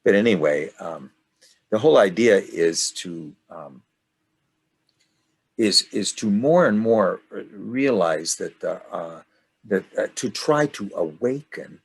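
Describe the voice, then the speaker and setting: An older man leading a study group discussion, rambling and halting with many restarts. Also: on the low side, animated, gravelly, breathy edge.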